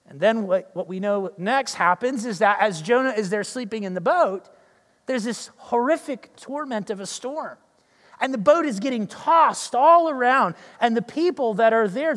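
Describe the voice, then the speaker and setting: A male pastor preaching a sermon, telling the story in a lively way and acting out the characters' lines. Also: extremely high pitch, in a large hall.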